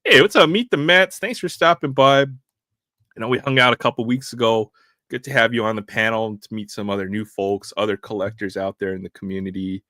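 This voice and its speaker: A man's voice: fairly low pitch, brisk, pushed and bright, no echo, clean studio sound. A man hosting a live stream, chatting casually, often laughing. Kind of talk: casual chat.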